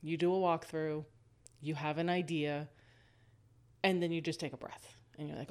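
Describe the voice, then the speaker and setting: A woman hosting a casual storytelling monologue, lively, laughing often and walking the listener through a scene. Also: sits low, normal speed, pauses often.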